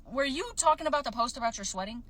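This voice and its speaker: A woman's voice: on the high side, animated, fast, a bit bright, dry recording. A woman giving sarcastic, slangy celebrity-gossip commentary to camera. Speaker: commentary vlogger. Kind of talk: casual commentary.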